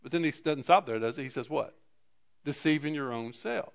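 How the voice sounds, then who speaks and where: A man preaching a sermon in a halting way, often repeating words and asking the congregation for an amen. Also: on the high side, gravelly.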